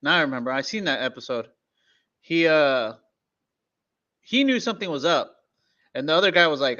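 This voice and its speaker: A man's voice: medium pitch, lively intonation, brisk, pauses often, pushed and bright. A young man on a casual podcast who jumps in with blunt, profane questions and comments. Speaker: podcast co-host. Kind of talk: casual chat. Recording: dull lo-fi mic.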